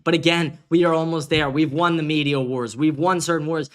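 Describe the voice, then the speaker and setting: A man's voice: fairly high pitch, steady tone, brisk, smooth. A man hosting a livestream, ranting casually and combatively with a lot of profanity. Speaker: livestream host.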